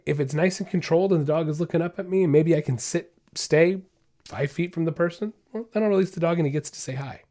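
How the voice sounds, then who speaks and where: A man's voice: on the high side, mellow. Guy explaining dog training on a podcast, keeps repeating his points, pushy coach vibe. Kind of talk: casual instructional talk.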